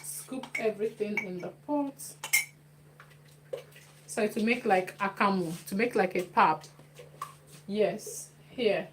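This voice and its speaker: A woman's voice: mid-range voice, slow pace, long pauses. A woman chatting through a cooking demonstration in her home kitchen, repeating phrases as she works. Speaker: cooking vlogger. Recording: noisy kitchen with clicks.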